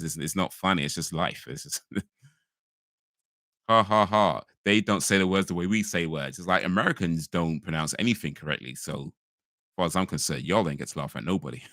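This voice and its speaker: A man's voice: low-pitched, pushed and bright, dry recording, clean studio sound. A man from England chatting casually with his stream viewers, rambling with lots of restarts and small laughs. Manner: rambling, frequent restarts and fillers, laughs easily. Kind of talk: casual live-stream chat.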